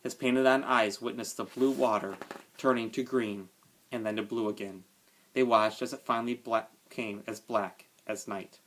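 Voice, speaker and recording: A male teacher reading a children's novel aloud to his class with expressive storytelling. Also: fairly low pitch, normal speed, slight background noise. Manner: expressive storytelling, casual aside at end.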